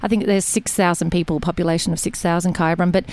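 A woman's voice: lowish voice, steady tone, fast, darkish tone. An Australian woman guest chatting casually, telling rambling stories from her country childhood with frequent laughs. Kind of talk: casual chat.

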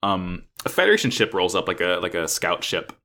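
A man's voice: low-pitched, very animated, brisk, sharp tone. A man recapping a plot in casual chat, rambling with lots of fillers and swearing. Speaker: podcast co-host recapping an anime.

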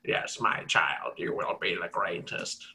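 Man doing a hushed ancient spirit, slow and low, for a tabletop game. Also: creaky, a little hiss or hum, full character voice. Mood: solemn.

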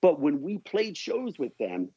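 A man with a husky, breathy voice that sits a bit high for a man. He tells a story as a podcast guest, loose and animated, with swearing and asides. The audio sounds dull and lo-fi. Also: a little slow, dry recording. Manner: animated, profane, full of asides. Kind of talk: casual storytelling.

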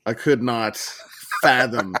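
A man co-hosts a casual podcast and tells his story in an animated, rambling way. His voice sits at an ordinary middle pitch. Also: slow pace. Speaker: podcast co-host.

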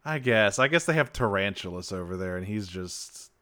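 A man's voice: on the low side, expressive, moderate pace, bright, forceful tone, dry recording, clean studio sound. A man co-hosting a podcast, recapping an episode in casual chat, swearing freely and laughing often. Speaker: podcast co-host.

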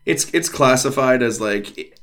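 A man's voice: mid-range voice, lively intonation, unhurried, fairly bright tone. A man co-hosting a podcast, talking casually with many fillers and reading passages aloud. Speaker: podcast co-host. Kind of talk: casual chat.

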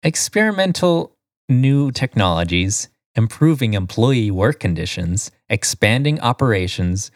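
A man's voice: lowish voice, sing-song, measured pace, dry recording, studio quality. A man co-hosting a podcast, reading quiz questions and answer lists in casual chat, laughing often. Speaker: podcast co-host.

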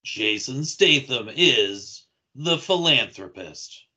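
A man with a bright, sharp-edged voice riffs on movie trailers with his friends. He is sardonic and casual and swears freely. His pitch is ordinary. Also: lively intonation, slow pace. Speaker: podcast co-host. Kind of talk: casual group chat about movies.

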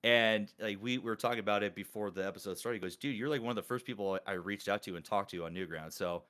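Bright-voiced excited man on a call. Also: on the low side, quick pace. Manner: excited, rambling with many restarts and fillers. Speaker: podcast host and collab organizer. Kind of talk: casual group video-call chat.

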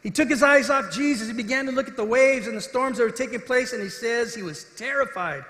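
A man's voice: extremely high pitch, fairly quick, pushed and bright. A man preaching a sermon as pastor, earnest, acting out the voices in the scripture story. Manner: earnest preaching, acts out quoted voices with rising intensity. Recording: echoey hall.

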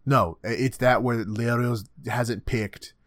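A man's voice: medium pitch, fairly even intonation, takes it slowly, dry recording, studio quality. A man co-hosting a podcast, recapping anime in a profane, rambling casual chat. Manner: profane, rambling, acts out characters. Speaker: podcast co-host.

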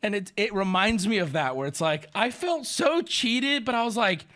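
A man's voice: high-pitched, expressive, normal speed, bright, forceful tone. A man livestreaming, telling a story as a profane, sarcastic rant. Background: faint background music.

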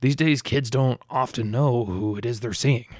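A man's voice: medium pitch, moderate pace, no room sound, clean studio sound, natural voice. A man as an offhand middle-aged regular. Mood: easygoing.

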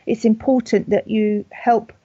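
Soft-spoken British woman, gentle celebrant. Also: a little high, steady tone, measured pace, husky, no echo, dull audio. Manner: gentle, thoughtful, many ums and restarts. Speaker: funeral celebrant. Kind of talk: conversational podcast interview.

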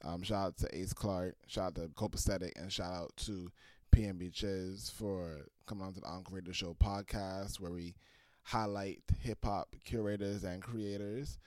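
A man's voice: low voice, fairly even intonation, normal speed, darkish tone, no room sound, clean studio sound. A man hosting a hip-hop interview podcast, laid-back and chatty. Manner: laid-back, lots of backchannel. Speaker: host.

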